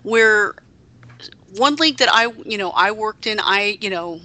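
A woman's voice: medium pitch, expressive, a little slow, pushed and bright. A woman co-hosting a casual podcast chat, talking in a chatty, wry and indignant way with many restarts. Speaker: podcast co-host. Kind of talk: casual chat about pro wrestling.

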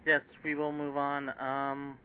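A man's voice: mid-range voice, monotone, takes it slowly, clear, resonant tone, no echo. A man hosting a casual chat show, steering the talk and putting questions to the others. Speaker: podcast host. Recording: tinny phone-like line.

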